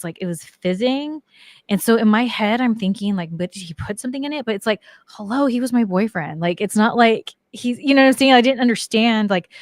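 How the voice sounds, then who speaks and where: A woman's voice: mid-range voice, dry recording. Chatty woman, dry studio voice. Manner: chatty, many "like" fillers. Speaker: guest. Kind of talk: casual storytelling interview.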